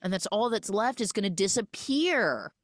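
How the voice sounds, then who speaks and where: Earnest, gentle purple creature, male, low-key, read by a woman. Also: expressive, normal speed, no room sound, studio quality, lightly acted. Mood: worried.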